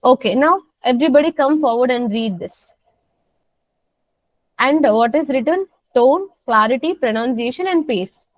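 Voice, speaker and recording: Higher-voiced woman coaching a class. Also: lively intonation, moderate pace, lo-fi sound. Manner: coaxing, repeats simple phrases. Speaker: soft skills trainer. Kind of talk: classroom teaching.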